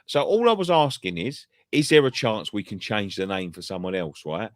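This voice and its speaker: A man's voice: on the low side, very animated, normal speed, dry recording. Male fan-channel presenter, casual pub-chat storyteller, heavy swearing, dry close recording. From England. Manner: sweary storytelling, rambling with restarts.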